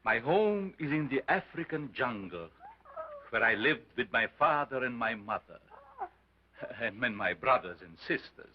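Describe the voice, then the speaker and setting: An actor playing a sinister carnival scientist with a strange foreign accent, declaiming grandly in a 1930s film. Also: male voice, medium pitch, animated, a little slow, a little hiss or hum, natural voice. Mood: grandiose. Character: sinister showman scientist, older man, theatrical. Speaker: carnival lecturer. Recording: dull lo-fi 1930s film sound.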